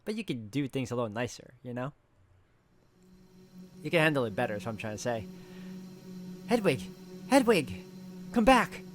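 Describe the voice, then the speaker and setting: A man's voice: mid-range voice, fast, pauses often, a bit bright. A man hosting a gaming channel, reading a visual novel aloud and stopping to comment in a casual, musing way with fillers. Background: music.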